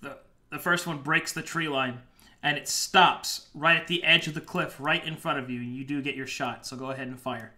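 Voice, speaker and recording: Man, higher bright voice, game master narration. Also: steady tone, normal speed.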